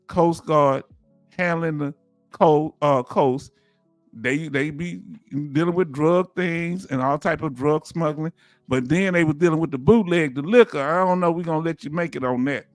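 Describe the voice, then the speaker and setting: A man with a Southern US accent hosts a casual livestream, reading viewer comments and laughing easily. His voice sits a bit high for a man. It is recorded dry and close, with faint music underneath. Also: no room sound. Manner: laughs often, loose conversational delivery. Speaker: livestream host.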